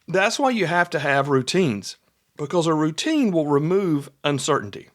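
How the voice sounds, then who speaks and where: With a fairly high, expressive voice at normal speed, this man runs an instructional podcast. He's folksy and conversational, going over his points again and staging small acted-out dialogues.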